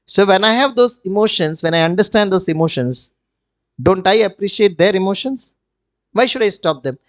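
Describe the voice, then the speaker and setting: A man's voice: high-pitched, animated, normal speed, no echo. An Indian-accented man voicing a weary, earnest middle-aged male security commandant in a retold story. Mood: explaining.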